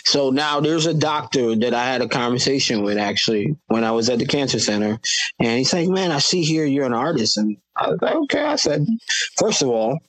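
A man's voice: mid-range voice, fairly quick, dry recording, rough recording. A man, a Christian hip hop artist from Florida, telling stories in a casual podcast conversation and acting out the voices of people he quotes.

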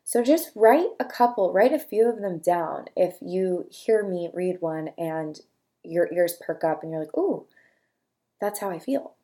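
A young woman hosting a podcast, talking casually to listeners, then reading a long list of feeling words slowly and softly one at a time. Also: fairly low pitch. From California. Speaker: podcast host.

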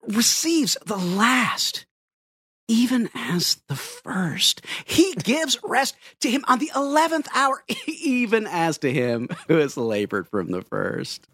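A man's voice: huge pitch swings, slow pace, fairly bright tone, slightly rough, no echo, studio quality, full character voice. A man putting on a generic megachurch pastor voice, preaching with a dramatic, swooping cadence. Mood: preachy, grand. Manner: dramatic sermon cadence with sweeping pitch swings. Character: booming male megachurch pastor, theatrical.

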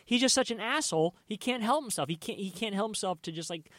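A man's voice: sits high, lively intonation, fast talker, fairly bright tone, no echo, clean studio sound. A man co-hosting a podcast in casual chat, blunt and emphatic, often repeating himself. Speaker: podcast co-host.

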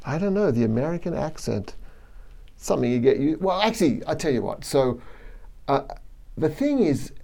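A middle-aged Australian man with a strongly gravelly, dark and mellow voice talks in a loose, chatty way. As a professor in an interview he laughs often and breaks off to restart his sentences. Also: on the high side, sing-song, moderate pace. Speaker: plant biology professor. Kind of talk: relaxed interview conversation.

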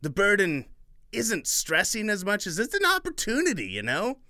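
A man voicing a relaxed, chatty young boy in a spoken Halloween tale. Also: sits high, normal speed, no room sound, studio quality, pitched above the performer's own voice, heavily acted. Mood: earnest. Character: easygoing young boy, upbeat.

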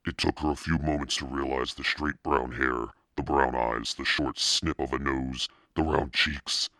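A man with a very low, gravelly voice reads a children's book aloud in a casual way. He breaks off now and then to remark on the text. The sound is dry and close. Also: steady tone, a little slow, pushed and bright, no echo. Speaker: reader.

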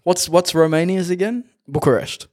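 A man's voice: high voice, normal speed. A young man co-hosting a podcast in casual chat, laughing a lot and running a quiz countdown. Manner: laughing, animated, reads bad jokes and runs a quiz countdown. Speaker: podcast co-host.

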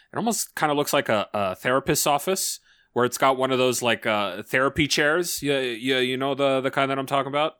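A young man chatting casually on a podcast, rambling and halting, with lots of filler and swearing. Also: mid-range voice, a bit bright, clean tone. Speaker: podcast co-host. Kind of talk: casual chat.

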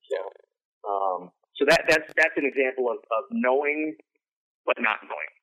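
A man's voice: mid-range voice, lively intonation, moderate pace, pushed and bright. A man talking casually as an interview guest, rambling with restarts and acting out quoted lines in a raised voice. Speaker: guest, wrestling commentator. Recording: tinny phone-like line.

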